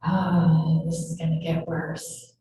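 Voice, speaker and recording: Slow-talking woman minister in echoey hall. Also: sits low, completely flat delivery, warm tone. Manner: chatty and playful, often laughing, addressing the congregation directly. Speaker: senior minister. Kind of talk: conversational sermon. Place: large hall of a spiritual center. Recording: echoey hall with long reverb.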